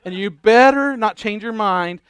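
Brief: middle-aged male pastor, high smooth voice, dry close sound, animated storytelling sermon. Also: measured pace, no echo. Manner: animated, exasperated storytelling with quoted dialogue.

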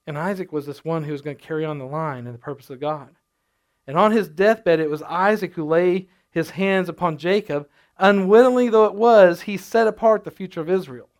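A middle-aged man preaches from the pulpit in an easygoing, conversational way. His voice sits a little higher than most men's. He often restarts his sentences as he weaves personal stories into the sermon. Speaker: pastor.

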